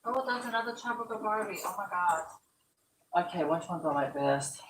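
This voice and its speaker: A woman's voice: mid-range voice, animated, normal speed, reverberant, a little hiss or hum, low-quality recording. A woman restoring dolls, chatting in a rambling way and exclaiming often as she sorts her supplies at home. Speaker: doll restoration vlogger. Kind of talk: casual live-stream chat. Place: home room with stored boxes.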